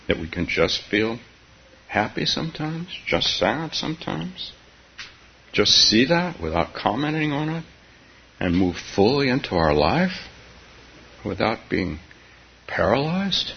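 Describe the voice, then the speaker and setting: A man giving a relaxed dharma talk, his low voice gravelly and swinging widely in pitch. He speaks softly and haltingly, breaking into small laughs between phrases. The recording is dull and faintly hissy. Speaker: meditation teacher.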